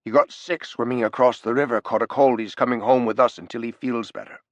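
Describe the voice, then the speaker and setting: A man's voice: medium pitch, steady tone, fairly quick, no echo, lo-fi sound, natural voice. Man playing a tough sergeant, short firm orders, dry close sound. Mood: terse. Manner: firm, clipped commands. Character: calm tough male bodyguard sergeant.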